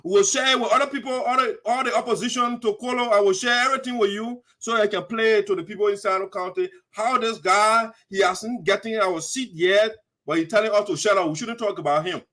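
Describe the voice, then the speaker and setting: A man's voice: sits high, fairly even intonation, fairly quick, hardly any pauses, pushed and bright. A man with a Liberian English accent hosting heated political commentary, indignant and mocking. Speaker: host.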